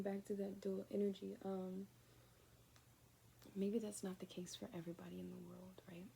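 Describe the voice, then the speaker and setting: A woman's voice: medium pitch, level tone, moderate pace, gravelly, pauses often, mellow, husky. A woman giving a casual, rambling spiritual reading to her viewers, often dropping to a near-whisper. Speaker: spiritual card reader.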